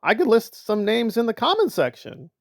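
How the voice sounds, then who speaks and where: A man's voice: very high-pitched, huge pitch swings, normal speed, no room sound, clean studio sound. A man hosting a commentary channel, talking sarcastically and mocking the people he discusses. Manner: sarcastic, mocking impressions of others. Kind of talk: reaction commentary.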